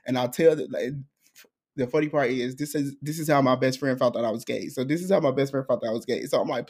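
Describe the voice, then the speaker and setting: A young man hosting a podcast, telling a story in an animated, profane way with frequent laughter. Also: fairly high pitch, quick pace. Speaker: podcast host. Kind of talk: casual chat storytelling.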